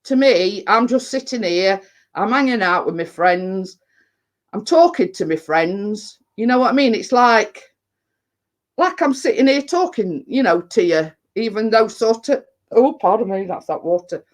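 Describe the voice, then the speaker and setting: A woman's voice: mid-range voice, animated, measured pace. English woman, baking vlogger, live-stream chat, straight-talking, rambling, lots of fillers. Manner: blunt, rambling, full of "you know what I mean".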